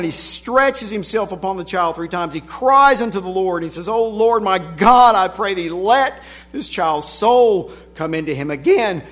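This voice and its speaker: Preacher, man, high voice, dynamic delivery from quiet to shouting, reads old-style scripture. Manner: swings from hushed to shouting emphasis; reads scripture in King James wording. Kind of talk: sermon.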